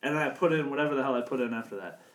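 A man co-hosting a casual gaming podcast, telling animated stories and swearing freely. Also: medium pitch, very fast, reverberant. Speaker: podcast co-host. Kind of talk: casual chat.

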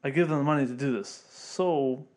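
A man's voice: mid-range voice, normal speed, darkish tone. A young man co-hosting a casual podcast chat, swearing a lot and ranting with heat. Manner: profane, heated and ranting. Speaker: podcast host.

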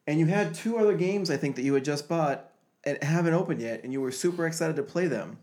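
A man's voice: on the high side, fast, darkish tone. A man co-hosting a casual gaming podcast, teasing his friend with wry questions. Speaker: podcast co-host. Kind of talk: casual chat.

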